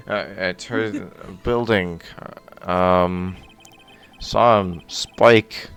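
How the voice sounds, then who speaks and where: Casual, lower-pitched male streamer; hesitant, filler-heavy game talk. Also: fairly even intonation, very slow, a bit bright. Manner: hesitant, many ums and trailing thoughts. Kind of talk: casual chat.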